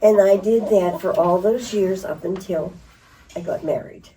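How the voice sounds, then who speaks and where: A woman's voice: medium pitch, measured pace, a little hiss or hum. Older woman telling stories, distant mic. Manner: lively storyteller who laughs and acts out voices. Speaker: interviewee. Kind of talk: reminiscing storytelling.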